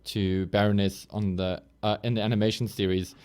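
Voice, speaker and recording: A South African man co-hosting a casual podcast, eager and quick to laugh. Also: fairly low pitch, little pitch movement, a little mellow, clear, resonant tone. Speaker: podcast co-host. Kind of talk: casual chat.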